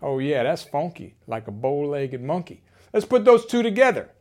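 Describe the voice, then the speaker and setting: A man giving an energetic, playful drum lesson, calling out rudiment names between demos. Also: on the high side, moderate pace, very noisy. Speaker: drum educator.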